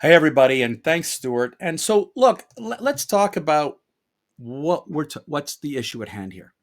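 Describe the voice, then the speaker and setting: A man co-hosting a sports talk show, delivering an emphatic rant. His pitch swings widely as he piles up rhetorical questions and leans hard on his points. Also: very animated, normal speed. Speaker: co-host. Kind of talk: opinion rant podcast.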